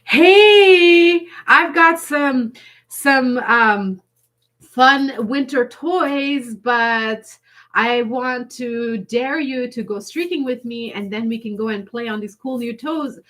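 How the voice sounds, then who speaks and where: A woman's voice: fairly high pitch, slow pace, a bit bright, voice pushed up. A woman voicing an eager friend who texts a fun, upbeat invitation.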